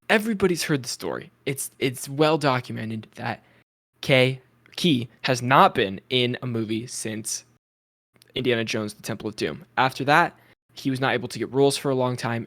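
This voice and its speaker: A man co-hosting a casual podcast, talking loosely with lots of fillers and animated asides. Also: mid-range voice, moderate pace. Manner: chatty, animated, many fillers. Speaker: podcast co-host. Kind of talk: casual chat.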